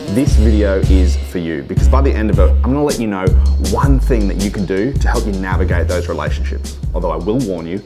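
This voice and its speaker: A man with an Australian accent giving an earnest, conversational short video sermon, slowing down to stress key words. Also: fairly low pitch. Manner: earnest, conversational, slows for emphasis. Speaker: pastor.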